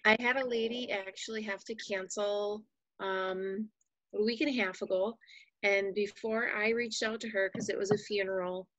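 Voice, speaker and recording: A woman sales rep telling her story on a team call, rambling and filling pauses as she goes. Her voice sits mid-range, and the sound is dry. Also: mid-range voice, fairly even intonation, fairly bright tone, dry recording, lo-fi sound. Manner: rambling with many fillers. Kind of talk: casual meeting talk.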